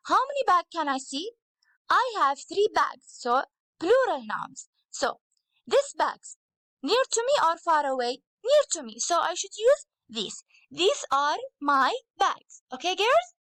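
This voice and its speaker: A woman teaching an English lesson at a slow, careful pace, saying each example twice. Her voice sits high, and the sound is dry and close. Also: a bit bright, no echo. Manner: slow, patient, repeats each phrase for pupils. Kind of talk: recorded English grammar and phonics lesson.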